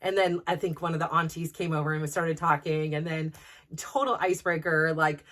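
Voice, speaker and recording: A woman in her forties hosting a podcast, telling a personal story in a casual, animated way, laughing often and restarting her sentences. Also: sits low, brisk. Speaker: podcast host.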